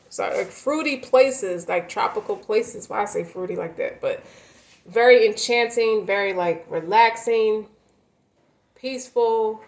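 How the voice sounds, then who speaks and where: A woman's voice: medium pitch, a little mellow, poor audio. A woman gives a tarot reading in a loose, casual way. She rambles and stresses her words, doubling back to restart her sentences as she goes. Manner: rambling, emphatic, many fillers and restarts. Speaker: tarot reader.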